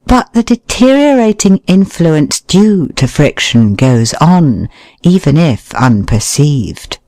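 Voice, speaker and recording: Audiobook narrator for a nonfiction read: unhurried, with a lively, rising and falling delivery in a close, dry recording. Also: medium pitch, no echo. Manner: measured, expressive reading that voices short quoted remarks. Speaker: audiobook reader. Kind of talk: scripted narration of a nonfiction book.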